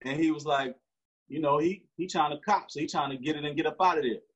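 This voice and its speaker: A man's voice: on the high side, fast, husky. A man, telling a story in slangy street talk with frequent restarts. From Newark, New Jersey. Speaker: interview guest. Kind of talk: casual storytelling. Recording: dull lo-fi recording.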